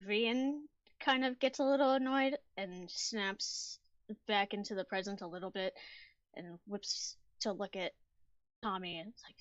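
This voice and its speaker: Soft-spoken woman tabletop player. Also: mid-range voice, a little slow, dry recording, highs cut off. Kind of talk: describing her character's actions.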